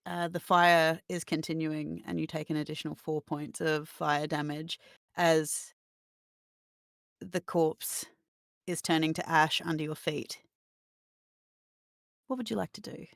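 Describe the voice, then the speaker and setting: A woman running a tabletop role-playing game, describing the scene slowly and in detail to her players. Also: sits low, fairly even intonation, creaky, dry recording, studio quality. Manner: slow, descriptive scene narration. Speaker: game master.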